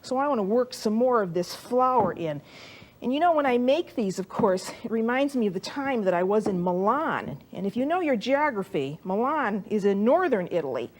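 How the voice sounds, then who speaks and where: A woman's voice: fairly high pitch, big pitch swings, normal speed. A middle-aged woman hosting a cooking show, chatting to viewers as she works dough in a studio kitchen. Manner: warm, chatty, talks to the viewer while kneading dough.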